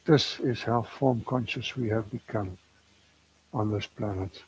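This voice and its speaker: A man's voice: on the low side, a little slow, slight background noise, poor audio. A man giving a spiritual talk, telling a personal story in an earnest, confessional way and laughing at himself now and then. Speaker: spiritual teacher.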